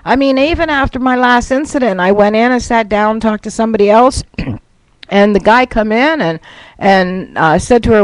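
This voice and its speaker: A woman's voice: on the high side, a little fast, dry recording, rough recording. A woman guest on a radio talk show, telling a long rambling story in casual chat.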